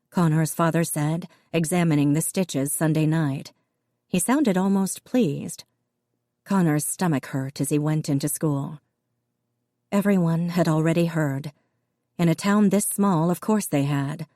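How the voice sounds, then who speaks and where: A woman narrating a novel as an audiobook in a steady, even storytelling manner. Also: deep voice, normal speed, no echo, studio quality. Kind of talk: scripted narration.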